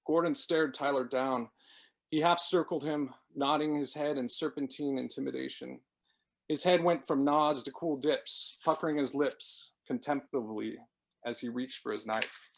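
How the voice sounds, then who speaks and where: A man, the author, reading his novel aloud in a steady, measured way. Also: medium pitch, vocal fry. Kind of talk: dramatic book reading.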